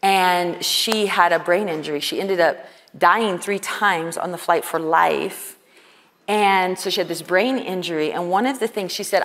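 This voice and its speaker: Her voice is fairly low and a bit bright, and she keeps a measured pace as she preaches at a women's conference. The sermon is earnest and conversational, full of quoted dialogue, with reverb from the large hall.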